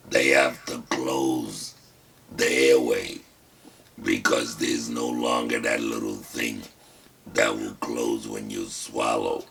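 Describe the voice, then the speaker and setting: An older man hosting his own talk show, telling his story with wry self-mockery in a gravelly, rasping voice produced through a throat prosthesis. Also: extremely low pitch, fairly bright tone. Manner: wry, self-mocking, deliberate. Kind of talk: casual personal storytelling. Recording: distant mic with faint background hiss.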